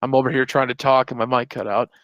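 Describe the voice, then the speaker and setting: A man's voice: medium pitch, little pitch movement, fast talker, fairly bright tone, no room sound, muffled recording. A man who is a guest on a live stream, chatting casually with playful wisecracks.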